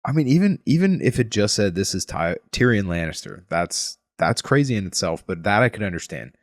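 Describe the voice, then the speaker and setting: A man's voice: lowish voice, very animated, a little fast, dry recording, studio quality. A man co-hosting a podcast, asking easygoing questions in a casual book discussion. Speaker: podcast co-host.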